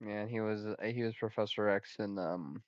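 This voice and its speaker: A man's voice: on the low side, steady tone, normal speed, no room sound, muffled recording. A man co-hosting a podcast, teasing his partner with sarcastic casual chat. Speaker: podcast co-host.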